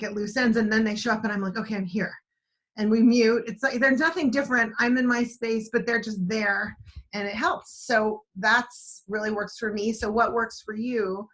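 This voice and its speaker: A woman's voice: medium pitch, a bit bright. Chatty woman teaching an online writing class. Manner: chatty, rambling, many restarts. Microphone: video call.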